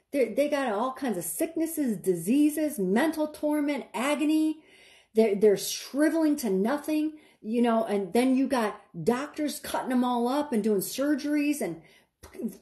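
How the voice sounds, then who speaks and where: A woman's voice: on the high side, dark tone. A woman giving an impassioned online sermon, dramatic and urgent, repeating phrases and speaking straight to her listeners. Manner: addresses listeners directly and casually. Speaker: online preacher.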